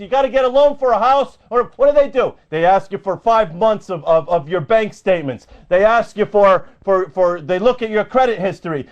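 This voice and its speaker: Guy with a really high voice going off on a rant, repeats himself a lot, muffled lo-fi sound. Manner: loud, fired-up ranting, repeats himself. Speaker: host of an independent internet radio show. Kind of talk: ranting political talk show. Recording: dull lo-fi home recording.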